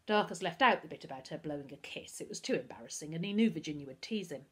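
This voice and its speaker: A woman reading a children's novel aloud as storyteller, in a steady, expressive way. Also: deep voice, fast, husky.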